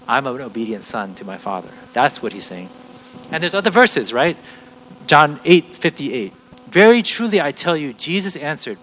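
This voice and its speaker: A middle-aged man preaching in an earnest, step-by-step teaching voice that keeps circling back and restarting its sentences. His voice sits at an ordinary male pitch, with a faint hum in the background. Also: a bit bright, poor audio. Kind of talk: teaching sermon.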